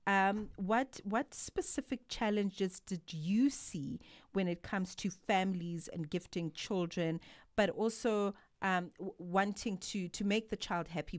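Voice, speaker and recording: A woman hosting a live drive-time radio show from a studio, upbeat and enthusiastic as she introduces a guest. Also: medium pitch. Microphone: studio microphone.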